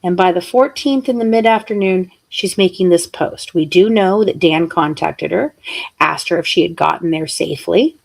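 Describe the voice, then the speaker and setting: Female true crime host, lower voice, animated and incredulous, fires off rhetorical questions. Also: normal speed, gravelly. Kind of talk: true crime commentary video.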